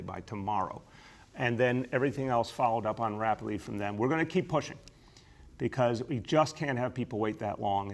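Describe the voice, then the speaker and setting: A middle-aged man giving a formal press briefing as mayor, in a measured, emphatic official delivery. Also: medium pitch.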